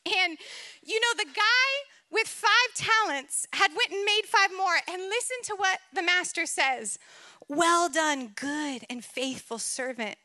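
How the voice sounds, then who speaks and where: A woman preaching a sermon, telling a personal story in an animated, emotional way and laughing often. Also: extremely high pitch, dry recording.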